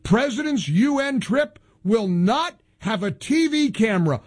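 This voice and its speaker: A man's voice: extremely high pitch, measured pace, hardly any pauses. A man hosting a talk radio show, delivering an opinionated monologue in a sarcastic, mocking tone. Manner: animated, exclamatory.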